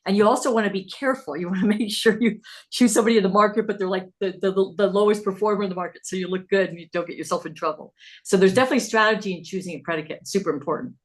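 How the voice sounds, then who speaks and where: Fast-talking woman giving advice. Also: medium pitch. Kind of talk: online workshop remark.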